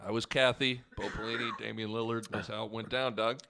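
A man co-hosting a sports podcast in casual chat, animated and prone to mock play-by-play calls. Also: fairly low pitch, a little fast, vocal fry, background noise. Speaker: podcast co-host.

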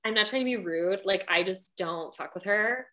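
A woman's voice: mid-range voice, moderate pace, pushed and bright. A woman guesting on a podcast, chatting bluntly and candidly and swearing freely. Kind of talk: casual pop-culture chat.

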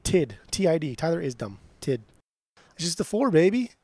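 A young man co-hosting a podcast with a high, restless voice that leaps around as he talks. He swears freely and rants with mock outrage, all in loose casual chat. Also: sing-song, moderate pace, warm tone, breathy edge, no echo. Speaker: podcast co-host.

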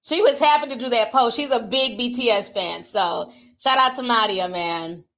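A middle-aged woman from the Midwest hosting a casual livestream, reading super chats in a playful, slangy, animated way and laughing often. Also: a little high, normal speed. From Minnesota.

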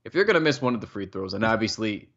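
Ranting young man, low voice. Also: sing-song, fast, a bit bright, highs cut off. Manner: heated, ranting, swears freely. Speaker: podcast co-host. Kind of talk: casual sports chat.

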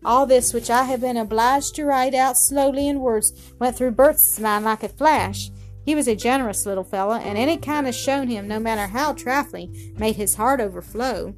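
A woman's voice: fairly high pitch, normal speed, faint music behind. Woman telling a storybook tale. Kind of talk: scripted narration.

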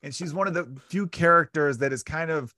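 A man's voice: a little high, brisk, sharp tone, no echo, clean studio sound. A male comedian guest in casual podcast chat, rambling and jokey, acting out quotes.

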